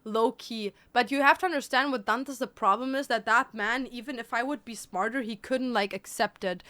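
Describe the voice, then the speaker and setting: A woman's voice: a little high, moderate pace, hardly any pauses, a bit bright. A woman, chatting casually and bluntly on a livestream, teasing and joking. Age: 20s. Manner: blunt, teasing, switches between English and German. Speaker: streamer.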